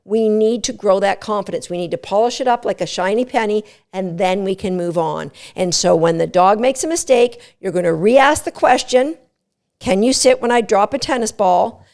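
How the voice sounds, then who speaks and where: A middle-aged woman hosting a dog training podcast, explaining methods in an emphatic, coaching tone with quick asides. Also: mid-range voice, darkish tone. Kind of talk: instructional podcast talk.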